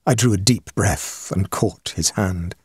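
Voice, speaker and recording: Man, audiobook narrator, husky voice, dry close sound, measured and dramatic ghost story reading. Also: deep voice, no echo. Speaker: audiobook reader.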